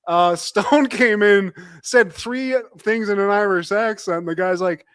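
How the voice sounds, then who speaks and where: A man co-hosting a podcast, recapping a show in a joking, animated way. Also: high voice, clear, resonant tone, no room sound. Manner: joking, animated, quick asides to his co-host. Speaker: podcast co-host. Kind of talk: casual recap chat.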